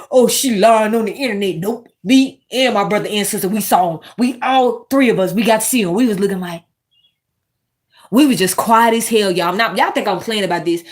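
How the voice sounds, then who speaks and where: A woman hosting a casual commentary monologue, animated and swearing, talking straight to her viewers. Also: mid-range voice. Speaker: commentary host.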